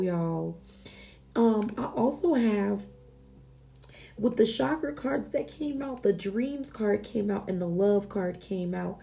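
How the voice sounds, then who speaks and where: A woman hosts an oracle card reading with a very dark, mellow tone and a gravelly edge of vocal fry. She talks in a casual, unscripted way, earnest and exclamatory, often restarting her sentences as she channels her messages. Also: mid-range voice, a little slow. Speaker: oracle card reader and podcast host.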